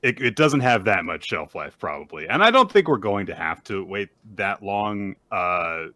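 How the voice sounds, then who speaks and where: A man co-hosting a casual recap chat, retelling scenes with lively quoted voices. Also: no echo. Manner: animated retelling, jumps high when quoting characters. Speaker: podcast co-host.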